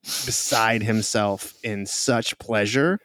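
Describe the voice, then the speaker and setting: A man's voice: fairly low pitch, slow pace, a bit bright. A man narrating as game master of a tabletop game, telling the scene in a rambling way and laughing often. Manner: laughing, rambling storytelling with restarts.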